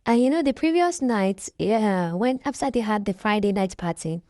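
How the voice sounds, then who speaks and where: A woman's voice: mid-range voice, animated, moderate pace, a little mellow, no echo, clean studio sound. A Nigerian woman with a stuffy nose from a cold, chatting emphatically and gossiping as she comments on a reality show. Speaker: reaction vlogger.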